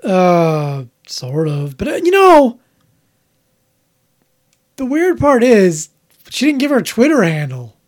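A man's voice: high voice, wildly swooping pitch, takes it slowly, long pauses, darkish tone. A man hosting a podcast in casual chat, rambling and opinionated, often cutting himself off mid-thought. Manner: rambling, opinionated, self-interrupting. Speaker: podcast host.

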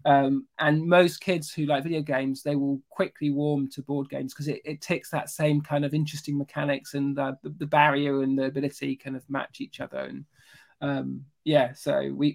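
A British man, a guest author, chatting casually on a video call, with quick talk full of halting restarts. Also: medium pitch, little pitch movement, vocal fry. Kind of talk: casual interview chat.

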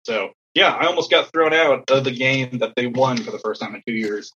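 A man, an assistant softball coach, telling a story in casual chat, acting out other people's lines in a raised voice. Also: medium pitch, brisk, lo-fi sound, slight background noise.

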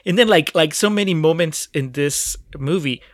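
Male podcast co-host, higher pitch, dry close sound, thoughtful and hesitant film critique. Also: no room sound. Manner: analytical, halting with restarts. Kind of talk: casual film review chat.

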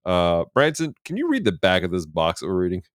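Podcast host guy, low voice that swings around a lot, dry close mic, laughs a bunch. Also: wildly swooping pitch, no echo. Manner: laughs often, quick asides. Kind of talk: casual podcast chat.

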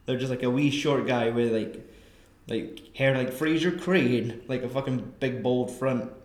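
A man's voice: medium pitch, unhurried, a little mellow. Male podcast co-host, loose sweary banter, roomy sound. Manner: sweary, rambling, joking. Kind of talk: casual movie review chat.

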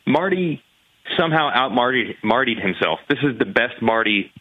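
A man's voice: mid-range voice, a little fast, no room sound, phone-quality sound. A man co-hosting a casual motorsports podcast, teasing his co-host and laughing along. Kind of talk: casual chat.

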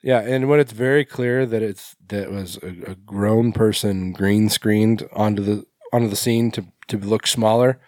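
A man's voice: on the low side, steady tone, unhurried, hardly any pauses, a little mellow, no room sound, studio quality. A man co-hosting a podcast, chatting casually about a film with short agreeing replies and some swearing. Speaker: podcast co-host. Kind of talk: casual chat reviewing a film.

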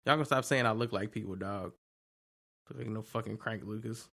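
A man's voice: fairly low pitch, brisk, gravelly, pushed and bright. A man chatting casually with a friend on a stream, blunt and incredulous, swearing often. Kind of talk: casual livestream chat.

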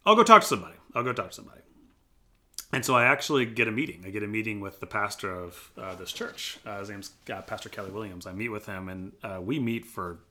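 A pastor from Colorado shares his personal faith story in a church podcast interview, earnest and reflective, acting out quotes with energy. His voice is on the low side, fast, bright, and forceful.

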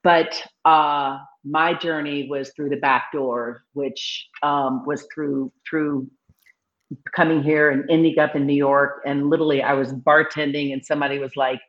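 Lively woman with a slight Nashville accent. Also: deep voice, normal speed, highs cut off. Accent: slight Nashville Southern. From Nashville, Tennessee. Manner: lively storyteller, acts out quotes with animated voices. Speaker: real estate broker guest. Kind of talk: casual interview chat.

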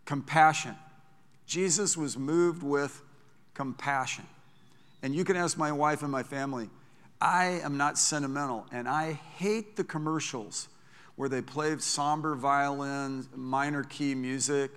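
A man preaching a sermon as pastor, talking in a conversational, animated way with frequent restarts. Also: on the high side, a little slow, smooth, in a large hall.

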